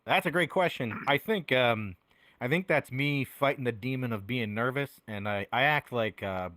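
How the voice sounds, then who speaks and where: A man's voice: mid-range voice, moderate pace, fairly bright tone, no room sound. A man chatting as a podcast guest, rambling with lots of fillers and frequent laughter. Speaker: podcast guest, VR music performer. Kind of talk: casual chat.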